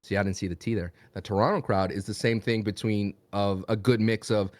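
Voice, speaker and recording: A man's voice: lowish voice, fairly even intonation, a little fast, darkish tone, no echo. A man co-hosting a podcast, talking in a chatty, rambling, conversational way. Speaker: podcast co-host. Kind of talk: casual chat.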